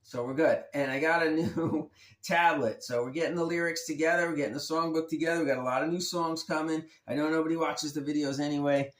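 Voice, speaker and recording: A man's voice: on the high side, steady tone, quick pace, a bit bright, reverberant. A man hosting his own guitar channel, talking in a laid-back, rambling and slangy way. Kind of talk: rambling casual vlog.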